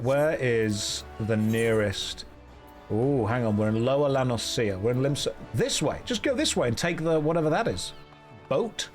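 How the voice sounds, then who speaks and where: A man streaming a video game, chatting casually with dry, deadpan jokes. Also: medium pitch.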